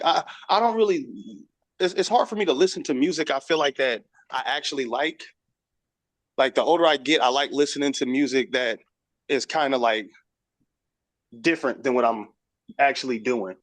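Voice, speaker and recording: A man's voice: on the high side, moderate pace, dry recording. A young man who is a rapper guest on a podcast, talking in slangy, profane casual chat and drawing out words for emphasis.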